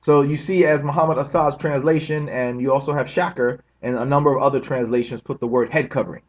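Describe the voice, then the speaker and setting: A man's voice: mid-range voice, steady tone, quick pace. A man hosting a commentary video, talking emphatically, repeating himself and firing off rhetorical questions with a tagged-on "right?". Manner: keeps asking the listener "right?". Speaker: religious commentary host.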